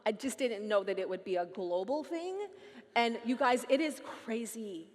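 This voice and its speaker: A woman's voice: a little high, moderate pace. A woman speaking on stage at a conference to a live audience, playful and teasing, talking straight to the crowd. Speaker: featured speaker. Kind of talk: animated stage talk. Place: large hall with live audience. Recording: long hall reverb.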